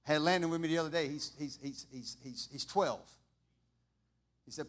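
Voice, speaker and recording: A middle-aged man preaching an impassioned sermon, building from quiet talk to fervent shouting and repeating his lines. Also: fairly high pitch, moderate pace, long pauses. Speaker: pastor.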